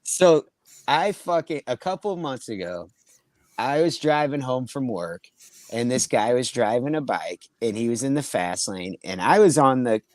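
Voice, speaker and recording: A man's voice: mid-range voice, lively intonation, moderate pace, no room sound. A young man who is a comedian, telling rambling, profane anecdotes in casual chat and acting out the quotes. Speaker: comedian, podcast co-host.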